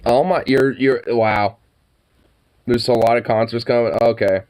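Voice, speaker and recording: A man's voice: mid-range voice, fairly even intonation, unhurried, a little mellow, a little hiss or hum. A man streaming live in casual chat, laughing often, swearing and making sarcastic remarks.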